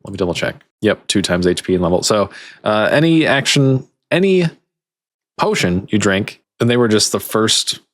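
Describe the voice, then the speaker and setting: Male GM, low voice, dry close mic, relaxed rules-explainer. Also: normal speed, dry recording. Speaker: game master. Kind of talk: running a tabletop game online.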